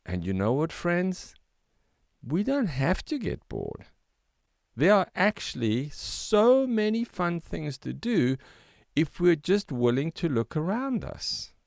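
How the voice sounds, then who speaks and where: A man voicing an excitable, daring young forest friend in a children's storybook. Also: on the high side, slow pace, vocal fry, dry recording, studio quality, voice pushed up, exaggerated voice. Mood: cheerful. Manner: shouty and gleeful.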